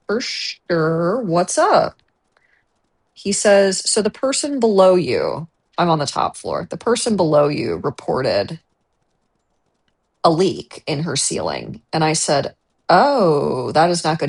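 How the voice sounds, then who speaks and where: Young adult woman, casual streamer; lowish voice; animated storytelling, trips over her words. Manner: animated retelling with repeated restarts.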